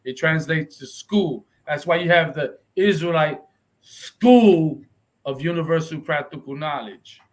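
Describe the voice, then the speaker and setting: High-voiced man preaching an emphatic Bible lesson. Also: a little slow, rough recording. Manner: emphatic, keeps asking "right?" for agreement; switches between English and Spanish mid-sentence. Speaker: religious instructor. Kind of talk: confrontational street-style Bible lesson.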